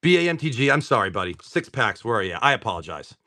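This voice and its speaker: A man's voice: mid-range voice, very animated, quick pace, sharp tone. A man hosting a casual livestream, opening card packs, often swearing and exclaiming over the pulls.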